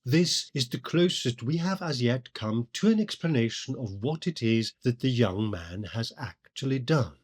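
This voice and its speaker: A man hosting a poetry podcast, giving scripted literary commentary in a measured, deliberate way. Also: medium pitch, expressive, slightly rough. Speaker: podcast host.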